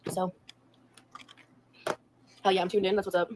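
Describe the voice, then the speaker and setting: A woman's voice: medium pitch, little pitch movement, moderate pace, darkish tone, a little hiss or hum. A woman doing a casual makeup live stream, chatty and rambling to her viewers as she works.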